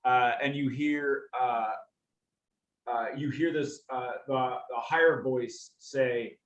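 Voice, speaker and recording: Guy dming a dnd game, slow, lots of uhs, echoey room. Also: medium pitch, fairly even intonation. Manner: halting, many fillers. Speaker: game master. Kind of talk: narrating a tabletop game. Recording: roomy echo.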